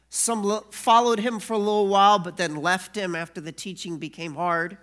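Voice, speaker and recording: A preacher delivers a sermon at an unhurried, measured pace, with a voice of middling pitch. The preacher keeps asking the listeners rhetorical questions. Quoted scripture gets read aloud with building emphasis. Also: fairly bright tone.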